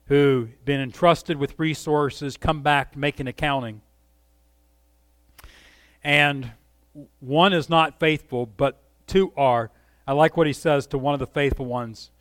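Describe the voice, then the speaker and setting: Impassioned male preacher, smooth clear voice. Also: mid-range voice, unhurried, no echo. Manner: impassioned, rising and falling emphasis; asks the congregation direct questions. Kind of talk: sermon.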